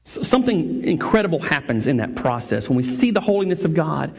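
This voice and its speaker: A man's voice: fairly high pitch, sing-song, fairly quick, creaky, darkish tone, slightly rough. A male pastor preaching a sermon, emphatic, repeating key phrases and restarting sentences.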